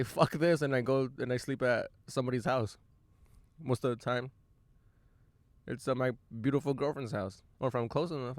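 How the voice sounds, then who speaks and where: A young man hosting his own podcast from inside his van, telling a rambling story in a loose, profane and self-amused way, with quick bursts of excitement. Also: mid-range voice, no room sound. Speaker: podcast host. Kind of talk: casual storytelling monologue.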